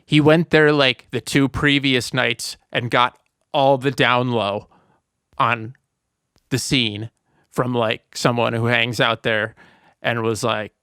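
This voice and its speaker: A man's voice: medium pitch, fairly even intonation, takes it slowly, bright, forceful tone, clear, resonant tone, no room sound, clean studio sound. A man co-hosting a podcast, chatting casually about a movie and rambling with lots of "like" and restarts. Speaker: podcast co-host.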